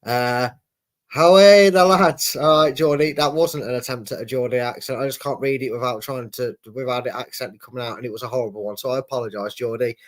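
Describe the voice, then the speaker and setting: A man's voice: mid-range voice, steady tone, fast, hardly any pauses. A man hosting a live football fan watchalong, chatting casually and reading out viewer messages with plenty of ums and restarts. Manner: chatty, reads viewer messages aloud with many fillers. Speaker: fan channel host reading chat.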